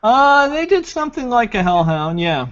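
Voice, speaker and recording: A man's voice: very high voice, big pitch swings, normal speed, crowd noise. A man chatting casually on a panel, laughing often and trailing off with fillers. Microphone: video call. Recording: lo-fi online call audio.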